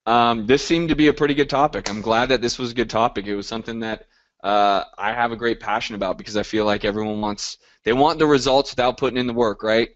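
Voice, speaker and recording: A man's voice: mid-range voice, steady tone, fast talker, muffled recording. A man hosting a live group coaching call, talking in an upbeat, motivational way and reacting to listeners by name.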